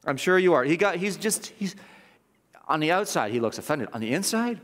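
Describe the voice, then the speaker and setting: A man's voice: a little high, big pitch swings, a little fast, a bit bright, big-room sound. A man preaching a sermon as pastor, impassioned, with mocking asides and repeated words. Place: church sanctuary.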